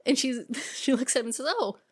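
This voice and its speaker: A woman co-hosting a podcast, retelling a film scene by scene with lively acted-out quotes. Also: high voice, quick pace. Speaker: podcast co-host. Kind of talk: casual film recap chat.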